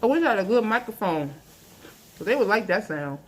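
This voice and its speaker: A woman hosting a casual eating video at home with friends, laughing loudly and talking with playful sass. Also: mid-range voice, big pitch swings, fairly quick, poor audio. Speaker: mukbang host. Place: home, indoors.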